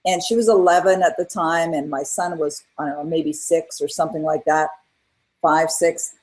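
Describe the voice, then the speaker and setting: Earnest middle-aged woman, husky voice. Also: deep voice, normal speed, rough recording. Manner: earnest, animated retelling with acted-out quotes. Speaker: guest, author and coach. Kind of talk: candid interview storytelling.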